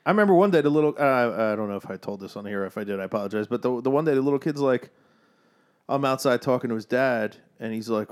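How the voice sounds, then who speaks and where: A man's voice: medium pitch, lively intonation, fast, smooth. A man co-hosting a casual podcast chat, telling profane stories and acting out the voices of people he quotes. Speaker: podcast co-host.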